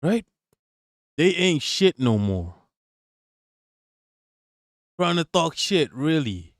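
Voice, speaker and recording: A man hosting a casual livestream, reacting to a video and shouting out his chat in slangy, profane talk. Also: fairly high pitch, sing-song, very slow, no room sound, clean studio sound.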